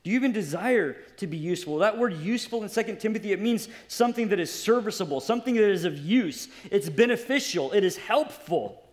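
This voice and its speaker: A man's voice: high voice, lively intonation, fairly quick, hardly any pauses. A man preaching a sermon as pastor, impassioned and putting direct questions to his congregation.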